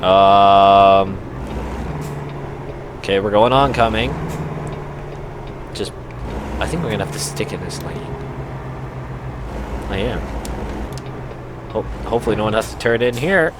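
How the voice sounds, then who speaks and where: A Canadian gaming channel host with a fairly low voice rambles chattily while playing a truck driving game, speaking unhurriedly with frequent pauses, many fillers, and restarts. Truck engine and traffic sounds from the game run behind his voice.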